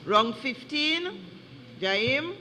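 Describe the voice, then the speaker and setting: Very slow, bright-voiced pronouncer. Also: high voice, expressive. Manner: deliberate, repeats each word twice, then spells it out. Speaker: spelling bee pronouncer and judge. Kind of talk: reading out words at a competition. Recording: echoey hall, faint background noise.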